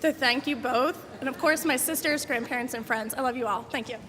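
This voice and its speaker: A woman graduate rattling off a quick, rehearsed list of thanks. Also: high-pitched. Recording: distant voice in an echoey hall with noise.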